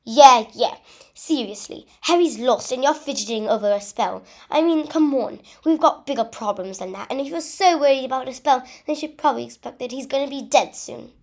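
A woman's voice: high-pitched, a little fast. A woman reading aloud as a jealous, dismissive teenage boy wizard in a storybook. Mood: impatient. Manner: dismissive, argumentative.

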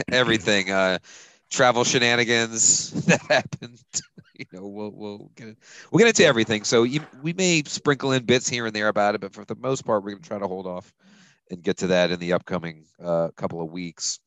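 Male podcast host, lowish voice, dry close sound, chuckly and rambling. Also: a little fast, a bit bright, no room sound, rough recording. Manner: chuckles often, loose and rambling. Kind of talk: casual sports chat.

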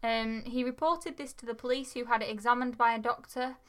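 A woman's voice: on the high side, fairly even intonation, a little fast. A woman co-hosting a podcast, reading out case details in a casual way and laughing often. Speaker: podcast co-host. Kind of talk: casual true-crime chat.

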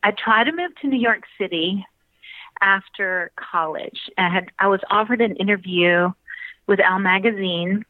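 Brief: Southern woman, animated storyteller, tinny phone-line audio, dry. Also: medium pitch, moderate pace, no room sound. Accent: Southern American. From Alabama, US South. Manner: animated storyteller, laughs often. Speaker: interview guest, actress. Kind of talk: casual interview conversation.

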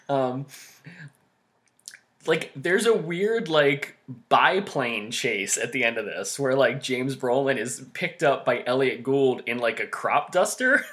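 A man's voice: medium pitch, slow pace, a bit bright. A man co-hosting a casual movie podcast, talking with lots of fillers and frequent laughter. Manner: laughs often, many fillers. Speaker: podcast co-host.

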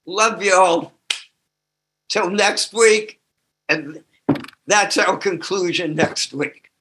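An older man with a slight tremor in his voice, sharing his own story slowly and emotionally with a recovery group. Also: high voice, pushed and bright. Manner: slow and emotional, with laughter. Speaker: recovery workshop speaker. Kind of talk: personal sharing talk.

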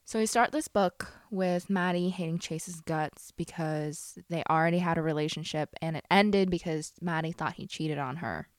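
A woman's voice: lowish voice, moderate pace, few pauses, dry recording, clean studio sound. A young woman in a casual book chat, speaking frankly and wryly as she sums things up.

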